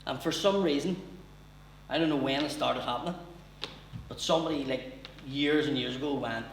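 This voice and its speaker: Stand-up storyteller, swears freely; distant mic, echoey room, faint ambience. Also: male voice, medium pitch, normal speed, long pauses, a little hiss or hum. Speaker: comedian. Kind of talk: stand-up comedy. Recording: echoey room heard from far off.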